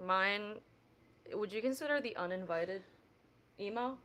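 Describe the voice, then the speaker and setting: Band guest on a podcast, a woman with a bright voice who swears freely. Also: medium pitch, a little slow, slight background noise. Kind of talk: casual podcast chat.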